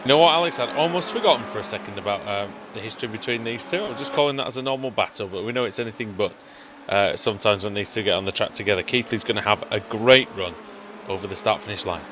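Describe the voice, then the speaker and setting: A man's voice: fairly low pitch, fast talker, noisy background. Chatty man commentating a race. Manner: chatty, rambling, with many fillers. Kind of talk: live sim racing commentary. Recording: race car engines loud behind.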